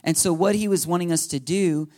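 Male pastor, sermon storyteller, lively delivery, higher-pitched, dry studio-like sound. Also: brisk, dry recording. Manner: animated storytelling with laughs and acted quotes.

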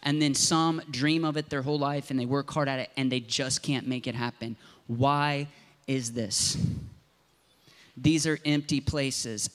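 A man's voice: medium pitch, a bit bright. A man from Southern Ohio, a pastor preaching a sermon in an impassioned, conversational storytelling way.

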